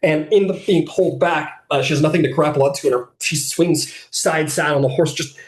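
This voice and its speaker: A man narrating as game master of a tabletop game, telling the scene in a lively, rambling way full of fillers. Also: on the high side, a little fast.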